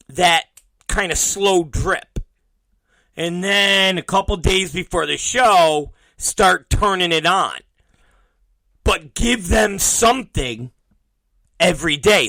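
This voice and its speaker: A podcast host talks casually, swearing frequently and reenacting both sides of his past conversations. His high voice sounds pushed and bright. There is no echo.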